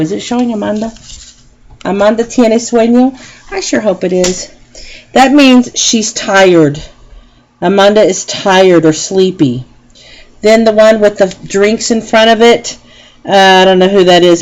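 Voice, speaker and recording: A woman Spanish teacher, explaining a lesson slowly and patiently and repeating each phrase. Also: mid-range voice, low-quality recording. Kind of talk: recorded classroom lesson.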